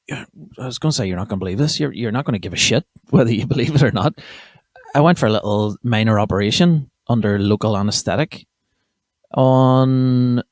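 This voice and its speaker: A young man with a medium-pitched voice and a Northern Irish accent from County Armagh hosts a comedy podcast. He delivers a casual monologue that rambles, swears and keeps breaking off. The sound is dry and studio-clean.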